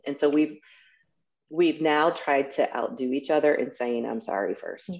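A woman in her forties speaks frankly and chattily in a casual conversation. Her voice sits low with a gravelly fry. The recording sounds dull and lo-fi. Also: normal speed, darkish tone, slight background noise. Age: 40s.

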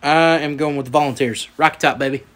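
A man's voice: on the high side, steady tone, fast, fairly bright tone. A man with a Southern US accent hosting a casual sports podcast, reading out matchups and bantering. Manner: reads out matchups, then banters. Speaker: podcast host.

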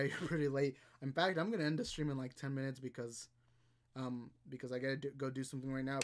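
A young man casually chatting on a livestream, rambling and reading viewer comments aloud. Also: medium pitch. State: out of breath. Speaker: livestream host.

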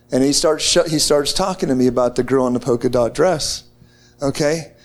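A man from the United States telling a testimony to a group in an excited, casual way, with slang and many restarts. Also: mid-range voice, normal speed. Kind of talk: animated storytelling to a group.

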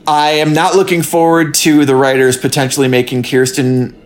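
A man's voice: on the high side, flat delivery, moderate pace. Swearing, ranting male podcast co-host. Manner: profane, exasperated rants. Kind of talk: casual chat. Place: home guest bedroom studio.

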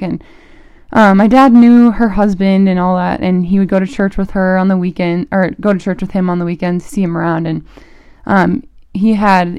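Chatty young woman, warm dry voice. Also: lowish voice, smooth, no room sound. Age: young adult, college student. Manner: chatty and animated, full of "like" fillers, quick laughs. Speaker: podcast host. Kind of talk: casual faith talk.

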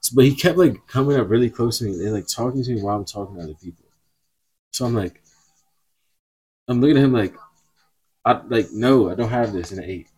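A man's voice: mid-range voice, lively intonation, brisk, long pauses, darkish tone, breathy edge. A young man co-hosting a podcast, chatting casually and telling rambling, laid-back stories. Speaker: podcast co-host. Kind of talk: casual chat.

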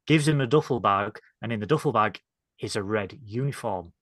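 A man's voice: on the low side, a little fast, a bit bright, no room sound, studio quality. A man from northern England co-hosting a casual TV review chat, recapping scenes in a hesitant way with many ums and self-corrections. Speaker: podcast co-host.

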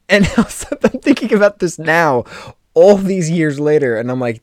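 Fairly high in pitch and lively in intonation, a young adult American man hosts a casual podcast where he spins a rambling personal story. He chats freely, leans on fillers, and throws in fast jokey asides. It's clean studio sound without any echo.

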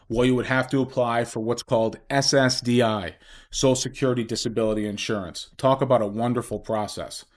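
A man hosting his own podcast talks in a mid-range voice. He explains money matters step by step, like a financial planner, and keeps asking his listeners questions. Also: medium pitch. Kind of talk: solo podcast monologue.

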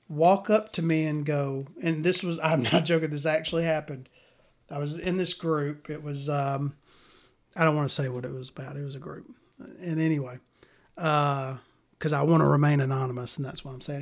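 A woman from Alabama talks. She tells stories in a casual, exasperated rant, blunt and full of profanity. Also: sits low.

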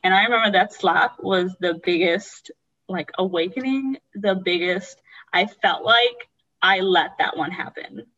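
A young woman shares a painful story from her own life in a podcast-style chat. She speaks in an earnest, halting way and leans on "like" as a filler. The recording sounds slightly dull and lo-fi. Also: medium pitch, a bit bright. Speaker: guest sharing her story. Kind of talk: personal storytelling in conversation.

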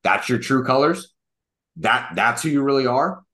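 A young man co-hosting a casual sports podcast, mocking and animated, acting out quotes as he rants. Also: medium pitch, moderate pace. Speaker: podcast co-host.

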